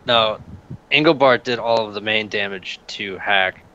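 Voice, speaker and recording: A man's voice: lowish voice, a little slow, pushed and bright, highs cut off, a little hiss or hum. A man playing a tabletop game, giving in-character reports in a dutiful way. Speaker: player. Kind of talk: in-character tabletop role-play.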